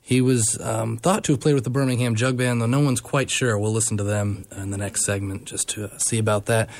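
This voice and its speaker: A man's voice: fairly low pitch, fairly even intonation, a little fast, dry recording. A man hosting a radio show and introducing records in a casual DJ style, with frequent hesitations and fillers.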